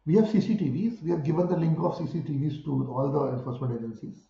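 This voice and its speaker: A man with an Indian English accent answering an interview in an impassioned way, driving his points home with rhetorical questions and forceful peaks. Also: on the high side, quick pace, vocal fry, roomy sound, dull audio, slight background noise. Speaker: spiritual guru interviewed about cow protection.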